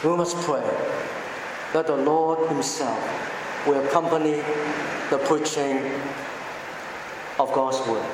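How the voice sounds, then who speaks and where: A man preaching a sermon with a measured, emphatic delivery and deliberate pauses, recorded in a church. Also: a little high, fairly even intonation, noisy background. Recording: echoey hall, heard from a distance.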